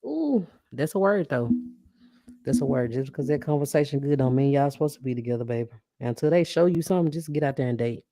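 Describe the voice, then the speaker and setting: Reading comments on her live stream podcast, the host talks casually and animatedly, laughing frequently and calling listeners y'all. Her bass voice is warm, animated and fast. Clean studio sound, no echo.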